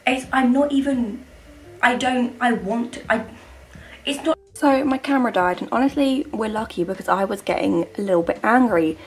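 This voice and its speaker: A woman's voice: on the high side, moderate pace, reverberant, poor audio. A woman in her twenties talking to camera in a casual vlog. She rants in exasperation, often restarting sentences and trailing off. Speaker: vlogger.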